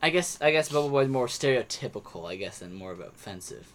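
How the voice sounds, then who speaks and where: Speaking fast with a medium-pitched voice and lively intonation, a young podcast co-host chats casually about movies he watched. He rambles, with many restarts and fillers, and there's background noise in the recording.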